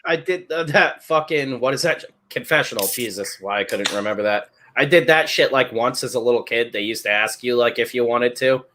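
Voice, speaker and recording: A man's voice: mid-range voice, a little fast, few pauses, background noise. A man in his thirties chatting casually as a podcast co-host, telling rambling, profane stories and laughing as he talks. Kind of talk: casual chat.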